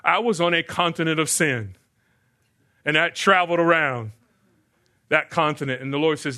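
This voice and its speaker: An older man delivers a sermon to his congregation. His voice is bright and forceful, sitting a little high. He keeps asking rhetorical questions and then answers them himself. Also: moderate pace, pauses often. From United States. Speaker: pastor.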